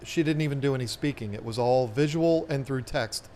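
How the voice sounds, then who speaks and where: A man's voice: medium pitch, a little fast, a little mellow, slight background noise. A middle-aged man co-hosting a casual live stream with his wife, joking and rambling. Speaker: co-host.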